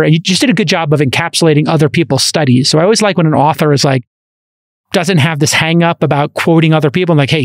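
A man with a Brooklyn accent hosts a podcast conversation, his voice sitting a touch high. He talks in an animated, rambling way, full of fillers and restarts. The sound is close and dry, from a studio microphone. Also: dry recording. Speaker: podcast host. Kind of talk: casual interview chat.

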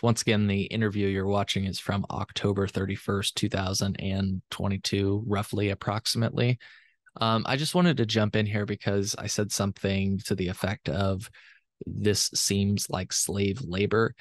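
Low-voiced rambling male podcast host. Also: dry recording. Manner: rambling, self-correcting, hedging. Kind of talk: conversational interview and recorded aside.

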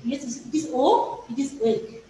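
A woman's voice: sits high, measured pace, mellow, a little hiss or hum. A woman with a Bangladeshi English accent, a native Bengali speaker, teaching an English grammar lesson to young pupils and patiently repeating each step. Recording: echoey room, voice far from the mic.

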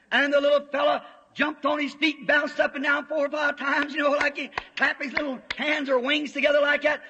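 A preacher tells a folksy story in a fiery revival sermon and swells to shouts. His voice is very high and bright. It comes through muffled old tape with the long reverb of a big church hall. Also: brisk.

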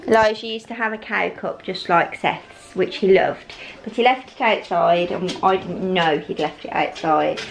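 A woman's voice: fairly low pitch, fairly even intonation, moderate pace, creaky, hardly any pauses, slight background noise, poor audio. A woman, chatting to the camera at home while doing chores. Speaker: vlogger, mother. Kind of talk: casual vlog chat. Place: family home.

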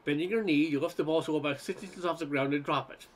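A man's voice: a little high, fast talker, slight background noise, natural voice. Man reading as a preachy grown son, storybook, impatient, instructional. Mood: lecturing. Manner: lecturing, impatient. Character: bossy grown son teaching tennis.

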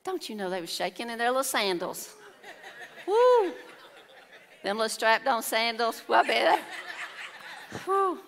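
A woman's voice: on the high side, fast, gravelly, hardly any pauses, fairly bright tone. A woman preaching a sermon, telling the story with exclamations and acted-out voices. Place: church hall. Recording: long hall reverb.

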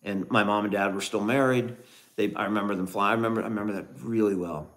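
A man's voice: on the low side, steady tone, fast, a bit bright. Middle-aged man telling a family story. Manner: reflective, storytelling, thanks viewers. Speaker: livestream co-host. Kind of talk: casual livestream chat.

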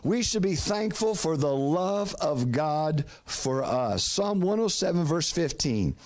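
This middle-aged man preaches slowly but animatedly, his voice fairly high with a darkish tone. As pastor, he prompts the congregation to echo his words in call-and-response fashion, frequently starting phrases over.

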